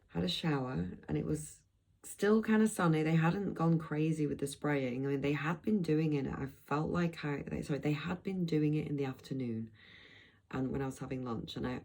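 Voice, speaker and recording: A woman's voice: sits low, a little mellow, low-quality recording. A middle-aged woman from Blackpool, chatting in a loose, rambling vlog with frequent restarts and asides. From England, Blackpool. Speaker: vlogger. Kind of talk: rambling travel vlog chat.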